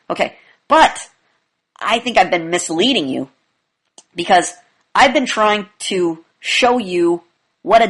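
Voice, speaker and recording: A woman speaking coach lecturing her class in an emphatic way, blunt and sometimes profane. She swings between loud demonstrations and quiet asides. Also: lowish voice.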